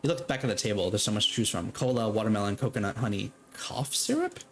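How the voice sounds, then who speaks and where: Man, laid-back game master narrating, low voice with lively swings. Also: fast, over music. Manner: casual, laughing, swears freely.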